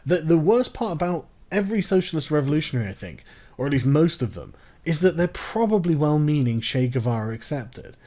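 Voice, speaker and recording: Host, male, profane sarcastic ranter, lively pitch, warm low timbre. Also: a little fast. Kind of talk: casual political chat.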